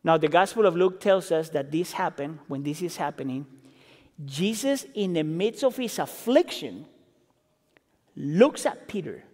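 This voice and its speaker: A man preaching a sermon, acting out quoted lines and building intensity before dropping low and quiet. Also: unhurried. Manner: expressive, acts out quotes, builds intensity then drops low. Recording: reverberant hall.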